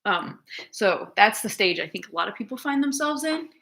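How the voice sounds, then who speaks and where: A woman's voice: mid-range voice, sing-song, moderate pace, gravelly, a bit bright. A woman who works with dogs, thinking aloud in a casual, rambling monologue, swearing freely and laughing often.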